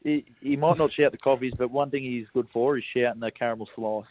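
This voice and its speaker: A man's voice: medium pitch, steady tone, fairly quick, darkish tone, no echo, poor audio. Young man, rural australian accent, easygoing guest on the phone, self-mocking, dry sound. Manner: laid-back, self-mocking, laughs easily. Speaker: rugby league player guest. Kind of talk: casual radio interview.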